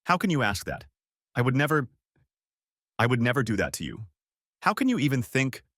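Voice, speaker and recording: A man's voice: medium pitch, sing-song, moderate pace, fairly bright tone, no room sound, clean studio sound. A man reading a story aloud, voicing a tearful wife who pleads with her husband in an audiobook. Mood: anguished. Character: pleading adult wife caught cheating.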